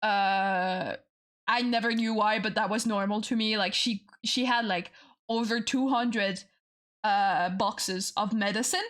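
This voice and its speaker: A young woman with a French accent chatting casually on a stream, swearing a lot, laughing often and repeating herself when she gets excited. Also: mid-range voice, unhurried. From France. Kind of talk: casual chat.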